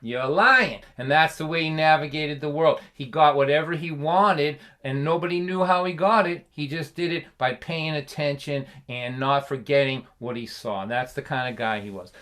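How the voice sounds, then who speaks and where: A man in his sixties with a Boston accent telling comic stories on a livestream, animated and punchy, laughing at his own lines. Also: mid-range voice. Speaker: folk singer and storyteller.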